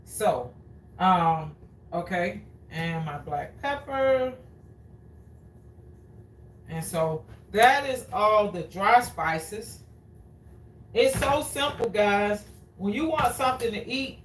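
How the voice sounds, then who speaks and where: A woman hosts a cooking demonstration at an unhurried pace, chatty and fond of repeating herself to her viewers. Her voice sits at a middle pitch and is picked up from a few steps away. The kitchen around her sounds echoey, with faint room noise underneath. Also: expressive. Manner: chatty, repeats phrases, addresses viewers as guys. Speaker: cooking show host. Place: home kitchen. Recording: roomy, distant from the mic.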